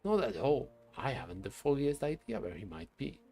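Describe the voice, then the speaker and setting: A man voicing an eccentric, rambling gentleman obsessed with animals, in a whimsical, posh manner. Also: medium pitch, very animated, normal speed.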